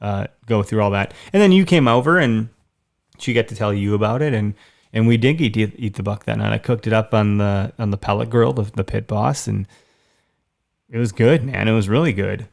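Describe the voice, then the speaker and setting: A man's voice: on the low side, moderate pace, vocal fry. A man in his thirties co-hosting a casual hunting podcast, telling stories with lots of animation. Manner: animated storyteller, acts out voices in anecdotes. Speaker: podcast co-host. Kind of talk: casual chat.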